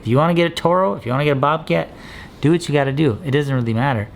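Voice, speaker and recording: A man's voice: a little high, racing, a little hiss or hum. A man who runs a landscaping business, giving punchy coaching advice in a vlog and tossing in "dude" and "okay?" as he goes. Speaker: landscaping contractor.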